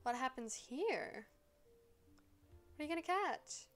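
Excitable swearing woman streamer. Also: sits high, slow pace, faint music behind. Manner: excitable, swears a lot, scolds game characters. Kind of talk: casual live gameplay commentary.

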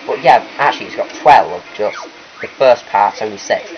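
A man's voice: lowish voice, lively intonation, moderate pace. A man hosting a let's play, talking through gameplay in a rambling, chatty way that keeps correcting itself. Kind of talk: gameplay commentary. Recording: lo-fi capture with faint game music.

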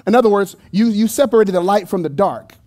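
A pastor preaches to his church congregation into a handheld microphone, keeping it loose, playful, and conversational with jokes and asides. His voice is high and slightly mellow, and he talks quickly and with animation.

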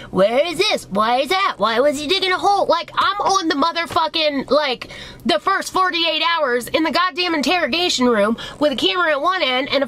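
Chatty woman vlogger, kinda high voice, swears nonstop, faint hiss behind. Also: a bit bright, poor audio. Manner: heavy swearing, fast rambling storytelling. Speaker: beauty vlogger. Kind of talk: casual storytime chat.

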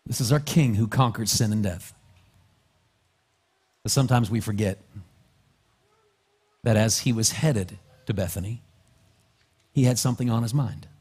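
A man's voice: lowish voice, measured pace, pauses often, slightly rough. A male pastor preaching a sermon in a church, telling the story vividly and acting out its scenes. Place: church sanctuary. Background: soft music.

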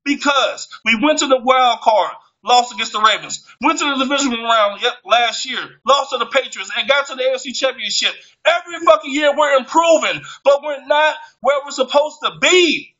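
A man's voice: very high voice, moderate pace, sharp tone. A man in an angry, profane sports fan rant, heated and swearing, stumbling over his words when worked up, on a muffled lo-fi recording.

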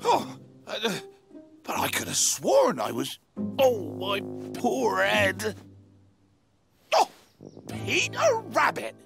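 A gruff, dozy cartoon badger grumbles and exclaims at a lazy pace. His voice is gravelly and swoops all over, with a cartoon score playing beneath. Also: mid-range voice, huge pitch swings, slow pace, pauses often, heavily acted. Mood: dazed grumbling. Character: grumpy sleepy male badger, gruff and dozy. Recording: cartoon soundtrack with music.

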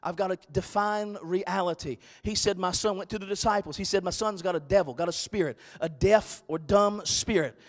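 A male pastor preaching a sermon, swinging from loud, shouted exhortation to quiet, hushed storytelling. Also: sits high, normal speed, few pauses, big-room sound.

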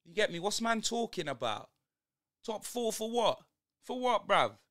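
A man's voice: sits high, sing-song, a little slow, fairly bright tone. A young man, ranting in slang through a live football watch-along stream. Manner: exasperated, slangy ranting at the match.

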